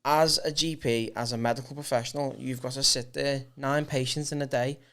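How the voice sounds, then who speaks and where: A man's voice: mid-range voice, fairly even intonation, a little fast, a bit bright. A man hosting a podcast interview, encouraging his guest with short interjections and probing follow-up questions. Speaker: podcast host.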